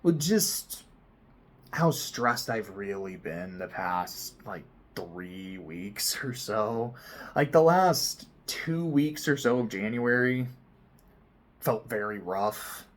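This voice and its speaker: A man telling a personal story to camera in a casual vlog, swinging between loud excited bursts and quiet near-whispered asides. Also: on the low side, slow. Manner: frequent swearing, casual slang. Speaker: vlogger.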